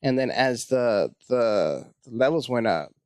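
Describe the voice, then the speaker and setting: Man, comedian guest; animated, profane storytelling, dry close sound. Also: unhurried, dry recording. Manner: animated, profane, acts out his own panic in high voices. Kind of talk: casual storytelling chat.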